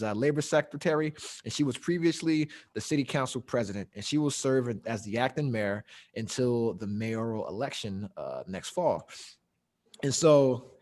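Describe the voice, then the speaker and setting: A man's voice: mid-range voice, darkish tone. A young adult man hosting a casual podcast, telling loose, profane stories with frequent laughs. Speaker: podcast host.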